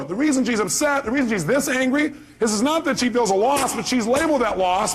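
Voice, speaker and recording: A man's voice: very high voice, very animated, fast talker, hardly any pauses, a little hiss or hum. A man giving a live motivational seminar speech, talking emphatically and firing rhetorical questions at the audience. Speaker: motivational speaker.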